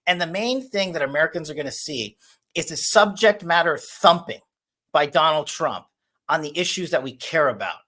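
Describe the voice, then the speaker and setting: A man talks as a guest on a political interview show. He has a bright, cutting tone and a punchy, emphatic delivery. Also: on the high side, lively intonation, moderate pace.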